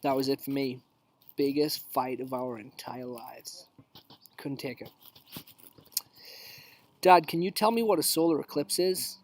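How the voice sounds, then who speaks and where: A man's voice: on the high side, normal speed, long pauses, background noise. A man in his thirties hosting a casual live stream, joking his way through memes outdoors and dropping into whispers for asides.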